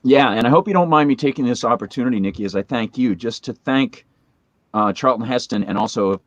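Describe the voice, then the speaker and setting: A man's voice: mid-range voice, brisk, no echo, highs cut off. A man in his forties, a guest in a casual chat, telling a long story full of fillers and asides. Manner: rambling anecdotal storytelling with many fillers.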